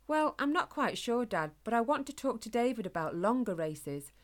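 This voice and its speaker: Lady reading as a keen little hedgehog lad, hopeful, kinda shy, higher voice. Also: sing-song, normal speed. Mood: eager. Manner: earnest, hopeful, a little timid. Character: young eager boy hedgehog runner.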